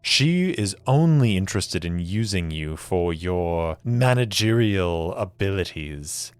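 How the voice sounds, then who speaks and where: A man's voice: sits low, expressive, slow pace, clear, resonant tone. A man voicing a stern, resolute warrior-agent who speaks firmly and intimidates. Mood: persuasive.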